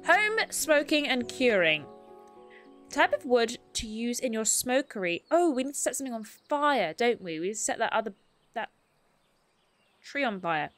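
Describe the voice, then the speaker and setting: A woman's voice: fairly high pitch, very animated, moderate pace, fairly bright tone, soft background music. A woman streaming a game, chatting casually, self-mocking and reading game text aloud. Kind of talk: casual gameplay commentary.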